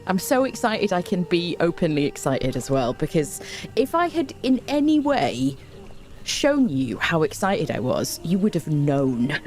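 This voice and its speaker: A woman's voice: sits low, a little mellow. A woman chatting on a live stream from home into a desk microphone, bubbly and overexcited, rambling eagerly to her viewers. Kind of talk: casual live stream chat.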